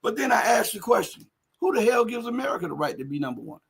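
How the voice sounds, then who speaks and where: A man hosting a livestream, reading viewer chat and commenting emphatically, firing rhetorical questions and building up to shouting. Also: extremely high pitch, very animated, fast talker, creaky, slightly rough. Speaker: livestream host.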